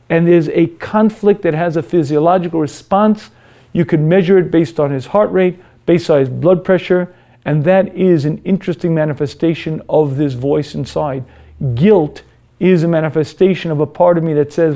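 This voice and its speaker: A man's voice: high-pitched, steady tone, moderate pace, warm tone. Earnest man giving a moral lecture. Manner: earnest, storytelling, frequent throat clearing.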